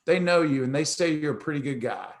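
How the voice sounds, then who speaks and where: Animated middle-aged male storyteller. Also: a little high, a little fast. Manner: animated storyteller who acts out dialogue; casual, conversational, with restarts. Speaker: host. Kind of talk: motivational storytelling talk.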